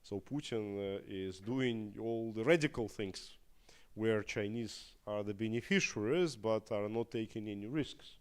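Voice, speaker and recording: A Russian man whose first language is Russian, answering audience questions in English at a live talk in a halting way, with many fillers and restarts. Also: on the low side, darkish tone, smooth. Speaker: opposition politician guest.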